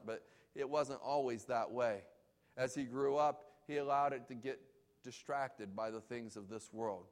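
A man preaching a sermon as pastor, emphatic and repeating key phrases for weight. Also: medium pitch.

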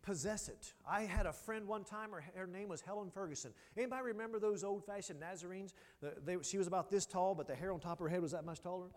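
A male pastor preaching a sermon, telling a story with passion and dropping from loud to hushed. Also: high voice, fast talker, hardly any pauses. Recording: long hall reverb.

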